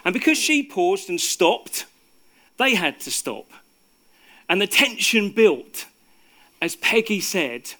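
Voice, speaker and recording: Male storyteller, bright and forceful tone, unhurried with fillers, hushes for suspense. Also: high-pitched, very animated. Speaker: speaker. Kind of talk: storytelling talk.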